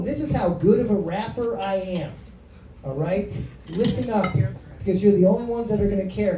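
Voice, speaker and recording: A woman's voice: mid-range voice, dark tone, slight background noise. A woman in her thirties doing stand-up comedy, telling a story in a brash, profane, hyped-up way. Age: 30s. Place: comedy club stage. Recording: roomy club sound from a distance.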